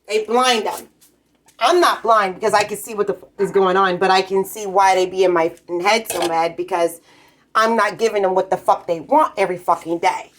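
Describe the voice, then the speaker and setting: A woman's voice: mid-range voice, fairly bright tone, slight background noise. A woman in a heated, rambling monologue, swearing constantly as she vents. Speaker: vlogger. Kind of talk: profane ranting monologue.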